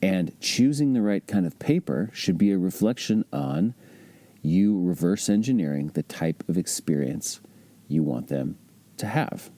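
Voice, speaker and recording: A man speaks in a low, deeply mellow voice, teaching in an easygoing but emphatic way. He keeps throwing rhetorical questions at the listener. The recording is dry and close, with no room sound. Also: animated, a little slow, dry recording. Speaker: real estate investor teaching. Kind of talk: instructional podcast talk.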